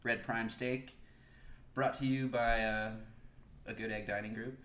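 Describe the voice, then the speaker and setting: A man in his forties co-hosting a podcast in casual chat, rambling along with many "uh" pauses. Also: medium pitch, flat delivery, pushed and bright. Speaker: podcast co-host. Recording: roomy echo, faint hiss.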